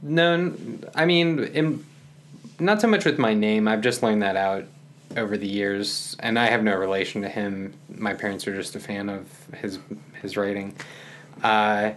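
A calm young man talking softly and unhurriedly as a podcast guest in a relaxed conversation. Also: lowish voice, a little hiss or hum. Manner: calm, soft-spoken, unhurried. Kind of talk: casual conversation.

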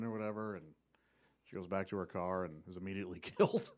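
A man's voice: low-pitched, steady tone, brisk. A man in casual comedic chat, telling anecdotes and giggling through them.

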